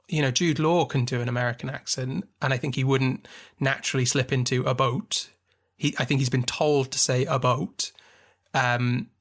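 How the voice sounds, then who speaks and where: Male podcast co-host, mid-pitched, chatty and enthusiastic, long explanations. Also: a bit bright. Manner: talkative, enthusiastic, explaining at length. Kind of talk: casual film discussion.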